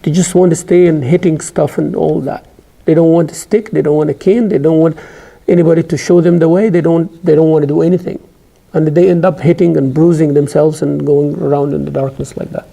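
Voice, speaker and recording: Middle-aged lecturer, dark gravelly voice, emphatic classroom delivery. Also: male voice, a little high, fairly even intonation. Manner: emphatic, rising sharply when stressing points; recites scripture in rapid chant. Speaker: Islamic studies teacher.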